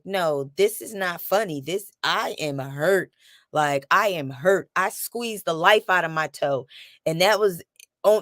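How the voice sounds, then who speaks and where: A woman chats casually to camera. She tells her story with lively repetition and acts out what people said. The sound is dry and close, with no room echo. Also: lowish voice. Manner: animated storytelling, acts out quotes and repeats phrases. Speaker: vlogger.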